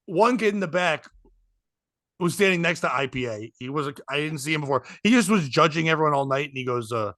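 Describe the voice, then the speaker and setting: This comedian guest has a fairly high voice and a brisk pace, captured in a clean studio with no room sound. His casual podcast storytelling is lively, with frequent laughter and acted-out quotes.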